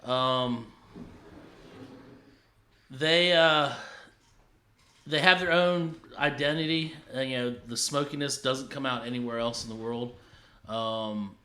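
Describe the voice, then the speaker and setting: A man's voice: mid-range voice, slow pace, pauses often. A man co-hosting a casual drinks review show, talking loosely with many fillers. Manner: relaxed, hesitant with many fillers. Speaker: podcast co-host reviewing drinks. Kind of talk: casual chat.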